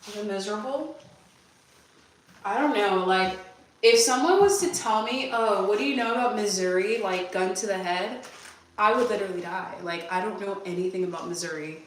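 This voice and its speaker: A woman's voice: mid-range voice, lively intonation, normal speed, far from the mic. Rambling Californian woman in an echoey bathroom. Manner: rambling, chatty, answers viewer questions aloud. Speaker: vlogger. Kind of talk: casual chat while cleaning. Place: bathroom at home.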